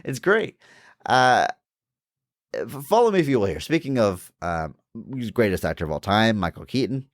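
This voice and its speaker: This man's voice is fairly low and very animated, moving at a moderate pace. He's co-hosting a podcast, laughing a lot as he talks excitedly and casually about a film, captured in a dry, clean studio recording.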